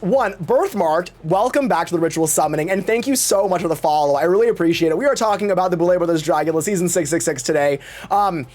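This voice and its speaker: A man talking casually on a livestream with a very animated, bouncing delivery. He gossips, swears freely and slips into exaggerated voices when acting out what other people said. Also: high voice. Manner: gossipy, profane, acts out quotes in exaggerated voices. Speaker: Twitch streamer.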